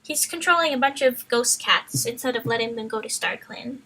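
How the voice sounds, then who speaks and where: Bright-voiced woman reading on stream. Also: fairly high pitch, normal speed, poor audio. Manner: playful, chatty, loses her place in the text. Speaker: streamer, reader. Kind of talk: reading a book aloud on a live stream.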